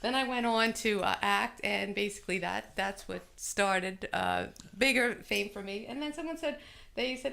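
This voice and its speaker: A woman guest on a talk show with a gravelly, creaky edge to her voice. She talks in a halting, casual way, pausing and searching for words. Her pitch sits in an ordinary middle range. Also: pushed and bright. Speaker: guest, singer and actress.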